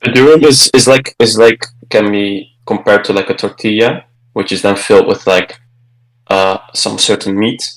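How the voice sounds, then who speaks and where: Laid-back man on a video call, lowish voice. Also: normal speed, poor audio. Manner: relaxed, explains with many fillers and restarts. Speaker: book club participant. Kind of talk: casual online group chat. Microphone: video call microphone.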